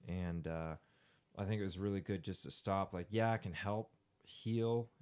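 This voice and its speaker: A young man as a podcast guest in casual chat, speaking candidly and reflectively, sometimes halting. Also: low-pitched, a little mellow, smooth.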